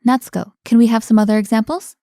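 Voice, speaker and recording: A woman hosts a scripted language lesson in a warm, mellow voice. She explains clearly and keeps the lesson moving with guiding questions, heard dry and close to the mic. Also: a little high, fairly even intonation, fast talker, dry recording.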